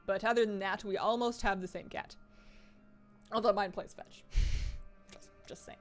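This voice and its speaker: A woman's voice: mid-range voice, fairly even intonation, measured pace, faint music behind. A woman hosting a casual live stream from home while gaming, chatty and rambling with frequent laughs, her sentences restarting. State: slightly out of breath.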